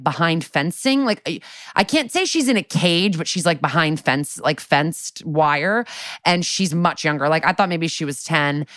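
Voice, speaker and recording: A woman's voice: low voice, fairly bright tone, dry recording. A young woman co-hosting a podcast, recapping a TV episode in a chatty, sarcastic way with lots of filler words and swearing. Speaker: podcast co-host.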